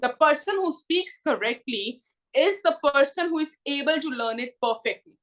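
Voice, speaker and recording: A woman's voice: high-pitched, lively intonation, moderate pace. A woman with an Indian English accent teaching an online spoken English class, slipping into Hindi to explain and calling students by name with "ji".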